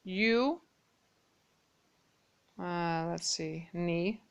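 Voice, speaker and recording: Brief: woman language teacher, lowish smooth voice, patient and slow with repeated phrases. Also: lo-fi sound. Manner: patient, repeats Mandarin phrases slowly and clearly. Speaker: Mandarin teacher. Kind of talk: casual spoken language lesson.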